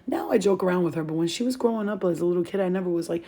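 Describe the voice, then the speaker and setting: Woman, 30s, vlogger; husky voice, loose slangy storytelling full of swearing. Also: fairly low pitch, rapid-fire. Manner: animated, slangy, swears freely. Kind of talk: casual storytelling to camera.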